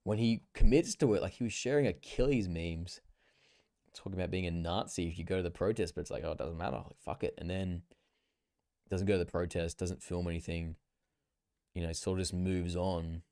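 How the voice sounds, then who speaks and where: A young man chatting casually on a live stream, slangy and profane, with sudden excited bursts. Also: sits low, brisk, dry recording, studio quality. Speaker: livestreamer.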